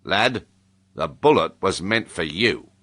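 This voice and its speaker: A man voicing a gruff, forceful old soldier. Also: low voice, lively intonation, slow, full character voice. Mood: grave. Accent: British English. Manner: urgent, plain-spoken. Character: gruff older male soldier, blunt and protective. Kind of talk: audiobook character voice.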